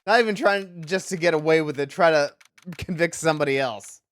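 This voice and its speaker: A woman's voice: sits low, fairly quick, no room sound, clean studio sound. A woman streamer giving chatty, jokey commentary while playing a video game. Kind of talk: casual let's-play commentary.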